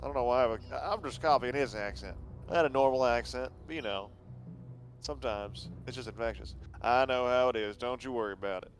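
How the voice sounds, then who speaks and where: A man's voice: on the low side, measured pace, pauses often, natural voice. A man voicing a chatty, boastful male halfling lawman with a folksy put-on accent.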